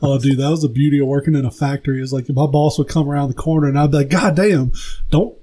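A young man co-hosting a casual podcast, jumping in with quick jokes and game talk. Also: mid-range voice, little pitch movement, warm tone. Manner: quick joking asides, says "oh, yeah" a lot. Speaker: podcast co-host. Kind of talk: casual chat.

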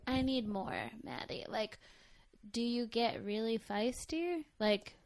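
A woman's voice: a little high, animated, takes it slowly, noisy background. Chatty young woman laughing through stories. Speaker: podcast co-host. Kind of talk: casual chat.

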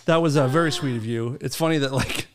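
Male podcast host, mid-pitched, crude, jokey, casual banter. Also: fast, a loud crowd. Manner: crude, joking, animated.

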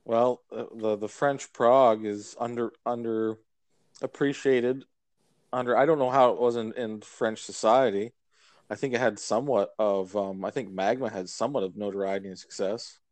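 A man's voice: lowish voice, fairly even intonation, moderate pace, darkish tone, no echo. A man co-hosting a casual music podcast, rambling through his points with many fillers and restarts. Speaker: podcast co-host. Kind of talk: casual chat about records.

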